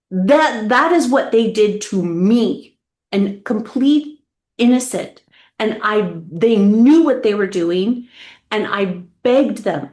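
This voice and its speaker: A woman's voice: mid-range voice, darkish tone. Impassioned woman guest in an echoey room. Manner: impassioned and repetitive, angry. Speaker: podcast guest. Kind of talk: podcast interview.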